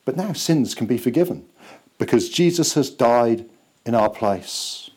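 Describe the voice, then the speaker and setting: A man, a church pastor, preaching a sermon slowly and emphatically, with dramatic pauses. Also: medium pitch, animated, a little mellow, breathy edge.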